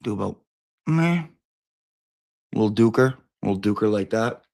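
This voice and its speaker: A man's voice: fairly low pitch, lively intonation, normal speed, vocal fry, a little mellow, no room sound. A man giving a brash, profane, theatrical comic review of beauty products.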